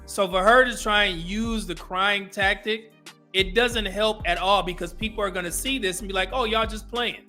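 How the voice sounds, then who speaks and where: A man with a high, bright voice talks straight to his viewers as the host of his own commentary channel. His delivery is earnest and conversational, with faint music playing low behind him. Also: fairly even intonation, normal speed. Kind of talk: reaction commentary.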